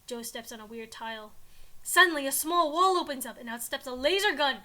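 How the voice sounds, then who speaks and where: A woman's voice: sits high, expressive, a little fast, sharp tone. Giggly young woman reading fan fiction. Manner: giggly, over-the-top. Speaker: content creator.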